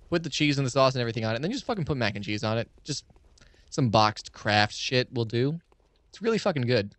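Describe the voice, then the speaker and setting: A young man chatters through a game session, cursing freely and ranting with excitable enthusiasm. His mid-range voice sits close to the mic in a dry, dead room. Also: medium pitch, no echo. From United States. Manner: rambling, profane, excitable ranting. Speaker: let's play streamer. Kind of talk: casual gameplay commentary.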